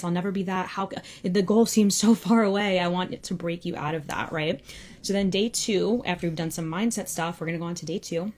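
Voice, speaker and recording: A young woman hosts a live Q&A as a freelance copywriting coach, her voice sitting a little low. She talks in a loose, conversational way, filling her sentences with "like.". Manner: casual, conversational, peppered with "like". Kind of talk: live Q&A session.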